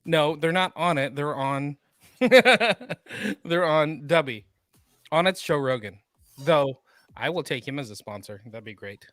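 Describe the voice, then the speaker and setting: A man's voice: a little high, expressive, slow, a bit bright, no echo, studio quality. A man co-hosting a casual pop-culture podcast, chatting enthusiastically and cracking jokes. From Sacramento area. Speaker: podcast co-host.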